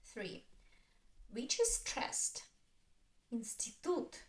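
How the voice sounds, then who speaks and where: A woman with a Russian accent teaching a language lesson, repeating each word slowly and stressing its syllables. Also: sits high, big pitch swings. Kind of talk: slow, drawn-out language lesson. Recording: roomy echo.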